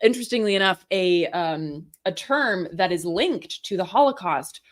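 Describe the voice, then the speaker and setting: Female co-host, lower voice, dry wry asides, casual. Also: animated, moderate pace. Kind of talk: casual chat.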